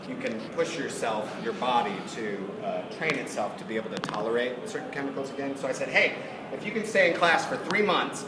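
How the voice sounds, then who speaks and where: A man who is a voice actor, telling jokey stories on a convention panel and acting out the voices in them. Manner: animated, jokey, acts out quotes with big pitch jumps and laughs. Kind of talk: lively convention panel storytelling. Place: large convention hall. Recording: far-off echoey hall recording with noise.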